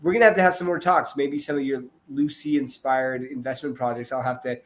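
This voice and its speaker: A man with a mid-range voice chats on a podcast. He talks in a reflective, unhurried way and often restarts a thought before finishing it. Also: medium pitch, steady tone. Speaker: podcast panelist. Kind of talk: casual podcast chat.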